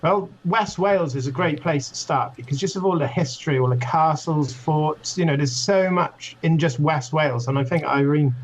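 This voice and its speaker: A man's voice: fairly high pitch, moderate pace, hardly any pauses, poor audio. A man being interviewed as a guest author, friendly and enthusiastic. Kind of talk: radio interview.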